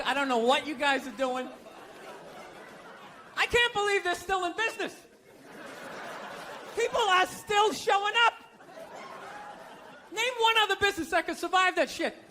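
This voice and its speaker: Stand-up man, very high bright tenor, sarcastic ranting, live stage mic with a faint crowd. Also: slight background noise. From United States. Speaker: stand-up comedian. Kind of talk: stand-up routine. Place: comedy stage before a live audience. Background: audience laughter.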